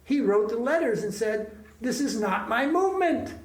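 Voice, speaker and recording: A man's voice: very high-pitched, expressive, normal speed. A man teaching a spiritual class in an ashram, talking casually and emphatically and asking rhetorical questions. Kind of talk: informal spiritual class talk. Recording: roomy echo.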